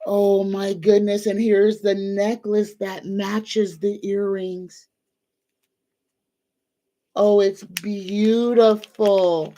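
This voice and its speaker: A woman's voice: mid-range voice, flat delivery, warm tone. A woman hosting a casual livestream as a tarot reader, gushing and grateful. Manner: gushing and grateful, talks slowly.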